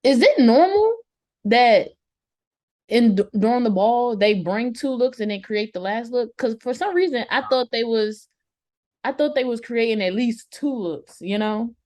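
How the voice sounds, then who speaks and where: A woman co-hosting a casual TV review chat, animated and slangy, often laughing. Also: on the high side, normal speed. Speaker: co-host of a TV review show.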